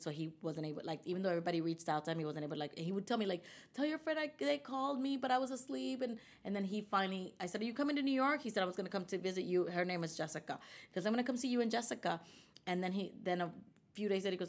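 A woman with a fairly low voice tells a personal story in a relaxed interview. She talks animatedly and slips into the voices of the people she quotes. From United States. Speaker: guest. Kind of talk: conversational storytelling.

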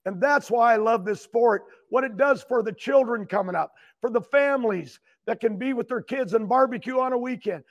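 A retired champion racer, an older man appearing as a guest, tells a long and emotional story, rambling and repeating words as he gets worked up. His voice is very high, and he speaks at a normal speed with few pauses. The recording sounds muffled.

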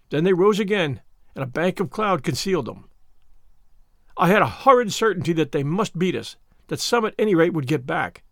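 A man narrating a novel in the first person, measured and earnest. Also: on the high side, a bit bright, no echo, studio quality. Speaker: audiobook narrator. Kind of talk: scripted narration.

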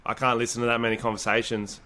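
A man's voice: mid-range voice, flat delivery, fast talker, crowd noise. A young adult man with an Australian accent, co-hosting a casual podcast with crude, rambling, joking banter. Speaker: podcast co-host.

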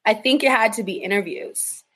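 A woman radio personality chatting casually in an interview, animated and laughing often as she acts out what people said. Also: normal speed, slightly rough. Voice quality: deep strong voice for a woman.

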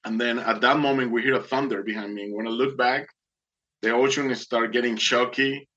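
Man, mid-pitched, earnest testimony storyteller, slightly muffled recording. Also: steady tone, moderate pace, pushed and bright. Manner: earnest, dramatic, acts out voices.

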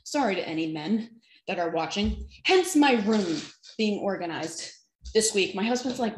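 A woman's voice: mid-range voice, animated, moderate pace, roomy sound, a little hiss or hum, rough recording. A woman fitness trainer giving an earnest, encouraging faith-based talk to camera, with self-deprecating asides.

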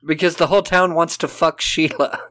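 A man's voice: a little high, flat delivery, a little fast, a bit bright. A man co-hosting a podcast, casually and sarcastically recapping a film and acting out lines in silly voices. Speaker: podcast co-host. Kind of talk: casual movie-recap chat.

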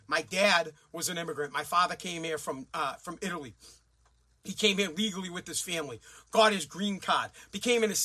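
A man with a very high, sharp and forceful voice tears through a profane political rant. He is blunt and crude, swearing constantly as his anger builds. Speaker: commentator.

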